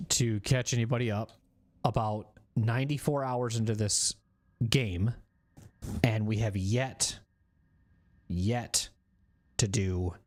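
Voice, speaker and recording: A man in his forties chatting casually on a gaming live stream, rambling, repeating himself and poking fun at himself. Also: lowish voice. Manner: rambling, self-deprecating, repeats phrases. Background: faint background music.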